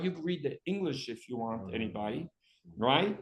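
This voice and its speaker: A man leading a Bible study class, reading Hebrew aloud and acting out the text's dramatic cries with animated emphasis. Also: medium pitch, moderate pace, roomy sound. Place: room with a small class.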